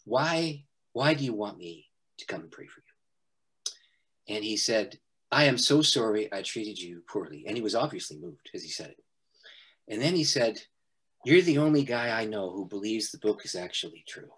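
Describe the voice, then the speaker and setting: A middle-aged man, a pastor, telling a personal story in an interview, animated and often laughing. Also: on the low side, normal speed, breathy edge. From Canada.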